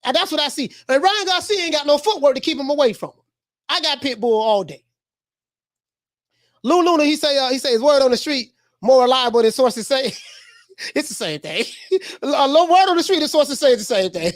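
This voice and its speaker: A woman doing casual livestream boxing commentary, animated, repeating herself and laughing often. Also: high voice, fairly quick.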